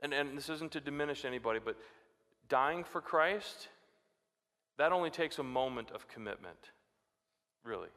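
A man preaching a sermon, lively and dramatic, his voice climbing sharply when he quotes scripture. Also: medium pitch, fast talker, in a large hall. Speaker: pastor.

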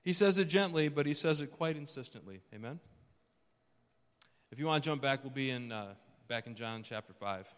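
A man's voice: mid-range voice, lively intonation, normal speed, a bit bright, clean tone. Man preaching a sermon in a reverberant hall. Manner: conversational preaching, dramatizes quotes. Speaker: pastor.

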